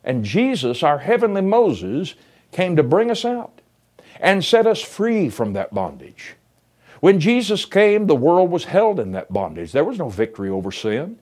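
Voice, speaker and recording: A man preaching a sermon, building to emphatic lines and dropping to hushed ones, reading scripture aloud. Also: a little high, sing-song, unhurried. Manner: reads scripture in King James English.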